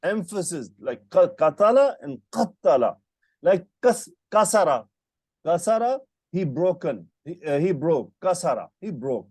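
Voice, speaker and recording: A man's voice: fairly high pitch, sing-song, a little slow, a little mellow, breathy edge, dry recording, clean studio sound. A man teaching Arabic grammar in an online lesson, patiently quizzing his student with short questions over a call. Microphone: computer mic on a video call.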